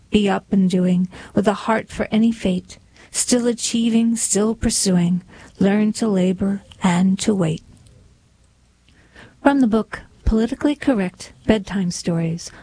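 A woman reading aloud slowly and deliberately. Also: mid-range voice, warm tone, no room sound, poor audio. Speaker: reader. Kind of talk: reading poetry and a humorous story aloud.

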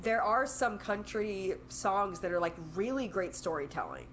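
Young female podcast co-host, casual and filler-heavy, mid-pitched, faint background hiss. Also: animated, normal speed, fairly bright tone, low-quality recording. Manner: chatty, frequent "like" and "um" fillers. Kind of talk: casual chat.

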